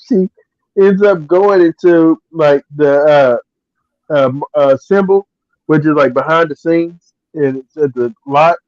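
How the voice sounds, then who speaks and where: A man's voice: on the high side, slow pace, long pauses, no echo. A man co-hosting a podcast, chatting casually in a rambling way and laughing often. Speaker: podcast co-host. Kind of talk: casual chat. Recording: dull, lo-fi dry sound.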